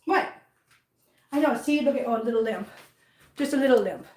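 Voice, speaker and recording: Speaking at a normal pace in a slightly high, darkish voice, this woman vlogs about her cats from her hardwood-floored living room. The sound is reverberant as she mixes casual chatter with sing-song cooing to the kittens.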